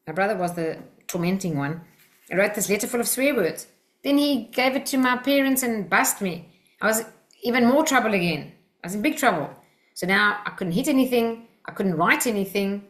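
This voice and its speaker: A woman's voice: medium pitch, a bit bright. An Australian woman teaching a workshop group, talking in an earnest, personal, coaching way.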